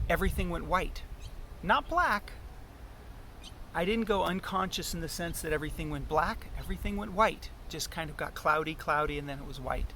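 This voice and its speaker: A man with a gravelly, slightly high voice tells a personal story in a halting, earnest monologue, often breaking off and restarting his sentences. Loud background noise with passing vehicles sits under the recording. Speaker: musician telling a personal story.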